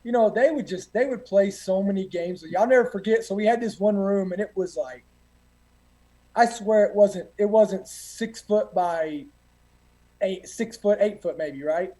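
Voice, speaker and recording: A man's voice: high voice, normal speed, mellow, rough recording. A man, a guest telling boot camp stories in a rambling, profane way with many fillers. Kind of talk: casual storytelling.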